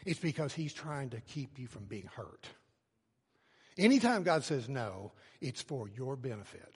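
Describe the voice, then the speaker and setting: A middle-aged man preaching a sermon, telling a family story and swinging from soft low phrases to loud shouted words. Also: big pitch swings, measured pace, slightly rough. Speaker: pastor. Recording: long hall reverb.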